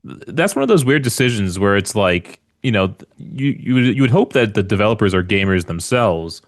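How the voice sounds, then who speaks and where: A man's voice: lowish voice, very animated, normal speed, dry recording, clean studio sound. A man co-hosting a casual podcast about video games, agreeable and supportive. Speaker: podcast co-host.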